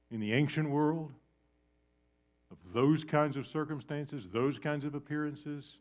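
A man preaching a sermon with dramatic swings from loud emphasis down to a hushed near-whisper. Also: medium pitch. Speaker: pastor. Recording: dull lo-fi sound.

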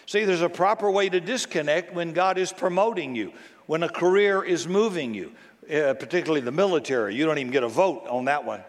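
This pastor's voice is on the high side, animated and fairly quick as he chats through a sermon, often asking rhetorical questions. It's recorded in a church sanctuary with the long reverb of a big space.

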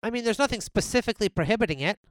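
Male comedy host, improv sketch, keen and emphatic, smooth voice, dry close sound. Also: sits high, animated, racing, no echo.

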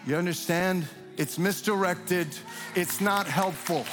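An older man preaching a sermon in a loose, conversational way, who breaks into shrill mimicry when imitating cheering parents. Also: unhurried, over music. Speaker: pastor. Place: church sanctuary.

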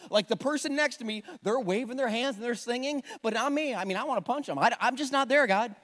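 A middle-aged man preaching a sermon, telling a personal story in an animated way, with sudden swings between loud and hushed. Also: very high voice, fast talker. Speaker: pastor. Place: large church hall. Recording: long hall reverb.

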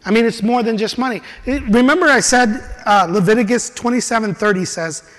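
A man preaching a sermon and telling a personal testimony in an animated storytelling manner. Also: very high-pitched, a little fast, in a large hall. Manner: animated storytelling, laughs while he talks.

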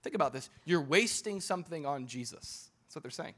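A man preaching an impassioned sermon as pastor, swinging between loud urging and low intimate tones and often repeating his words. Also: lively intonation, brisk, breathy edge.

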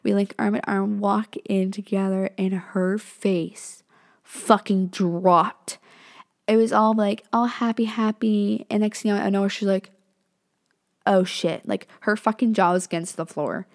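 A woman's voice: mid-range voice, fairly even intonation, measured pace. A young woman hosting a podcast, telling a story in a rambling, casual way and swearing freely. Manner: rambling, profane, says "like" and "literally" a lot. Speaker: podcast host.

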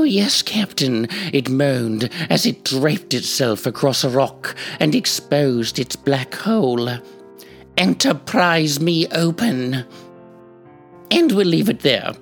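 Woman playing a haughty old dame reading smut with a straight face, low and unhurried. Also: animated, soft background music, full character voice. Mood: prim reading. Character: elderly aristocratic British dame reading smutty fiction. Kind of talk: comedy sketch reading.

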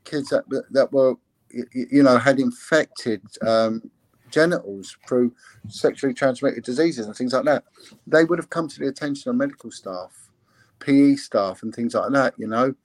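A man's voice: mid-range voice, normal speed, no room sound. A man, a former police investigator, talking earnestly in an interview with many restarts and fillers. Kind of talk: candid interview talk.

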